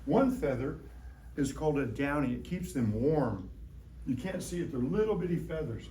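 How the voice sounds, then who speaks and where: A man teaching a lively science lesson to young children in a classroom, playful and full of call-and-response. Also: on the high side, normal speed, slight background noise. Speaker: science educator visiting a class. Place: school classroom. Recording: roomy room from a distant mic.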